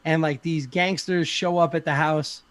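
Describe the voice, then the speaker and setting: A man's voice: a little high, steady tone, normal speed, dry recording. Rambling, swearing man in casual podcast chat. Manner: rambling, swears often, many fillers. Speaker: podcast participant.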